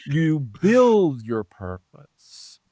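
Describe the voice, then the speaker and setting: A man in his seventies, a leadership coach interviewed as a guest, talking earnestly and slowing down to stress key phrases. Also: on the high side, no echo, clean studio sound. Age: 70s. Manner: earnest and animated, slows down to stress key phrases, acts out quoted voices. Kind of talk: conversational interview.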